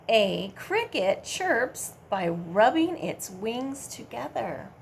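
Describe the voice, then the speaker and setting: Children's librarian, woman, Midwestern American, high voice with a bit of fry, big swoops in pitch. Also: slow, hardly any pauses, slight background noise. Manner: animated, coaxing kids to join in and count. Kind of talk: children's storytime reading. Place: public library.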